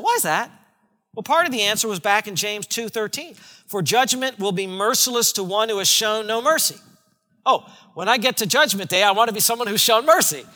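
Male pastor, high bright voice, emphatic sermon delivery, long hall reverb. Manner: emphatic preaching, shifting between loud and hushed.

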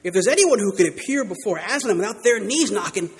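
Motherly female beaver, storybook, knowing, folksy, voiced by a man, husky tone. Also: high-pitched, lively intonation, quick pace, in a large hall, pitched above the performer's own voice, full character voice.

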